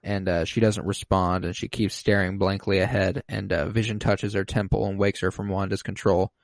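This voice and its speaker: A man with a fairly low, dry-sounding voice walks through a TV episode on a casual podcast. He gets animated, jumping up high to act out the lines of the characters. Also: moderate pace, creaky, no room sound. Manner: animated retelling, acting out quotes in high voices. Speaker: podcast co-host recapping a TV episode. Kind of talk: casual chat.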